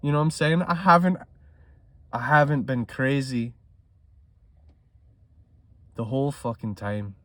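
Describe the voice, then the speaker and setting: A man vlogging about trading in an intense monologue, swearing freely and swinging between loud emphasis and hushed talk. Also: medium pitch, unhurried, pauses often, no room sound.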